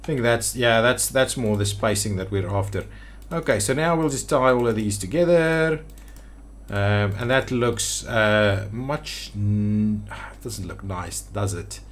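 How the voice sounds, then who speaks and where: A man's voice: fairly low pitch, measured pace. Man musing aloud over a city-builder. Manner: thinking aloud, hesitant restarts while building. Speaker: city-builder video creator. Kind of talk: gameplay commentary.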